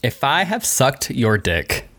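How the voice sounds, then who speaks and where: A man's voice: medium pitch, wildly swooping pitch, takes it slowly, fairly bright tone. A young man co-hosting a podcast, chatting casually in an upbeat, candid way and swearing freely. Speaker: podcast co-host.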